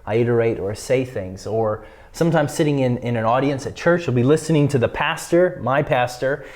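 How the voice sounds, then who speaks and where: A man from Canada and the United States co-hosting a casual church conversation, speaking in a measured, reflective way and affirming his partner. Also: mid-range voice, darkish tone. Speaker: church podcast co-host.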